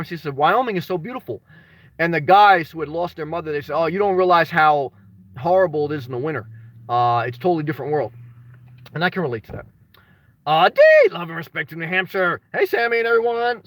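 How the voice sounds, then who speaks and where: A man chatting casually on a livestream, greeting viewers by name and rambling through anecdotes with sudden animated shouts. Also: on the high side, no echo. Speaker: vlogger reading live chat.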